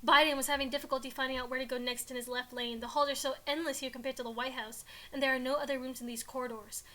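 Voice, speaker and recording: Brief: young woman, giggly fan-fiction reader, high and bright. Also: steady tone, quick pace. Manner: giggly, over-the-top. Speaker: content creator. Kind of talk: comic fan-fiction reading.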